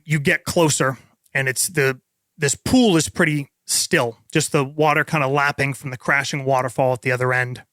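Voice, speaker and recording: A man's voice: mid-range voice, sharp tone, dry recording, clean studio sound. A man narrating a tabletop game as game master, painting vivid scenes with casual fillers.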